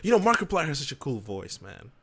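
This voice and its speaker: A man co-hosting a casual chat show, excitable, teasing and quick to swear. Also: mid-range voice, background noise. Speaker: co-host.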